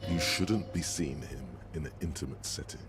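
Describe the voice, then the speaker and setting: An actor voicing the grave, measured inner voice of a detective's mind in a game. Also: male voice, very deep voice, over music. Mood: ominous.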